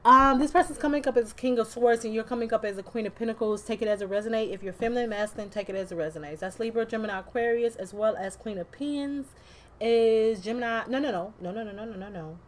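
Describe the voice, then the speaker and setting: A woman's voice: on the high side, fast, fairly bright tone, a little hiss or hum. Chatty woman reading tarot cards. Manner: chatty, swearing, laughing asides, slangy. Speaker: tarot card reader. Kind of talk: casual tarot reading vlog.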